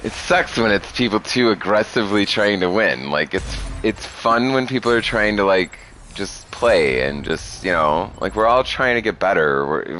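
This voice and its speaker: Young male streamer, 20s, crude and rambling, tipsy, animated delivery with a bright, punchy voice. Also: fairly low pitch. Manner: rowdy, crude, rambling, laughs a lot. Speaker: gaming streamer. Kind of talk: casual gameplay chat.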